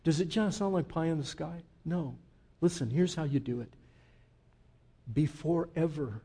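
A male pastor preaching a sermon, swinging from hushed, slow passages to loud, emphatic declarations in a church. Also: mid-range voice, husky.

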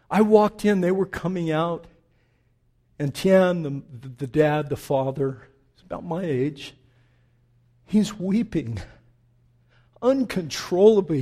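An older male pastor delivering a sermon in a warm, mellow voice. He speaks slowly and unhurriedly, and his pitch sits a little above the usual for a man. His storytelling is animated and gives way to a quieter, prayerful tone.

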